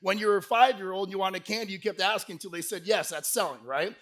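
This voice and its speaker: A man giving a lively motivational sales keynote to a live conference crowd, telling stories and pushing the audience to shout answers back. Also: high voice, fast. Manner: energetic, crowd call-and-response; folksy, peppered with "right?". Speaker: sales speaker.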